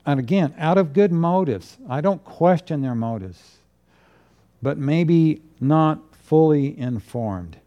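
A man, a pastor preaching a sermon from the pulpit in an earnest, measured way with emphatic declarations. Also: a little high, lively intonation, dull audio. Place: church pulpit.

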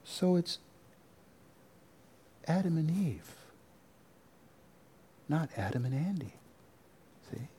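Male pastor, mellow tone, animated sermon delivery with dry asides. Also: a little high, slow, long pauses, slight background noise. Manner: animated preaching with asides and repetition.

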